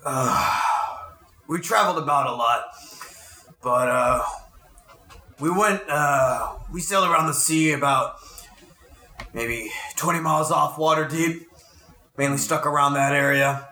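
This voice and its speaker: A man's voice: fairly high pitch, unhurried, pauses often, bright, forceful tone, slight background noise. A man playing in a tabletop game, talking in a dry, offhand way. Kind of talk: casual game chat, in character at times. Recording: roomy recording.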